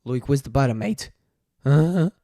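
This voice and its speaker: A talking male bear from a tabletop game , put on by a man, with a higher voice than you would expect. His speech comes out choppy and loud, with words that float. He has a put-on Australian-style lilt. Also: normal speed, vocal fry, no echo, clean studio sound. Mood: gruff complaining.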